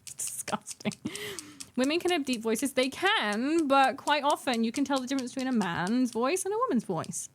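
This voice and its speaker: A woman's voice: high voice, very animated, a little fast, hardly any pauses. A young adult woman chatting casually with her live-stream chat while painting miniatures, giggling and bantering playfully.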